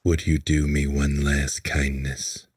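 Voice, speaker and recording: A man voicing a weary, grieving noble lord who speaks slowly, gravely and softly. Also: very deep voice, little pitch movement, no echo, clean studio sound, far from the mic, pitched below the performer's own voice, heavily acted. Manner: slow, grave and hushed.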